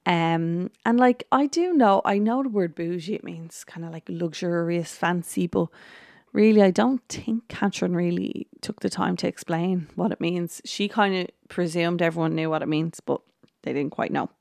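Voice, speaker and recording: A woman's voice: fairly low pitch, moderate pace, creaky, a little mellow, no echo, studio quality. A woman hosting a podcast, chatting casually through an episode recap with plenty of ums, restarts and quoted lines. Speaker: podcast host.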